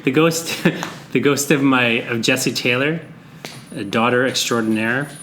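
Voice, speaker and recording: A man's voice: mid-range voice, unhurried, a bit bright, slight background noise. A middle-aged man hosting a podcast in casual chat, rambling and hesitant, laughing often. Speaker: podcast host.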